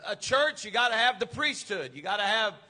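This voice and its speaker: A man preaching a sermon, moving from quiet teaching to shouted, fervent preaching. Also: sits high, big pitch swings, brisk.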